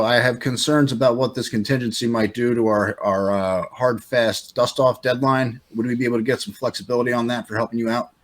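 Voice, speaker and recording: A man as a player in a tabletop role-playing game, speaking in a measured way. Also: medium pitch, a little mellow.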